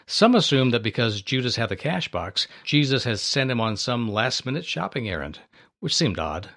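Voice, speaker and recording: A man's voice: medium pitch, a bit bright. A man hosting a listener-supported radio ministry, reading a donation appeal and a Bible paraphrase.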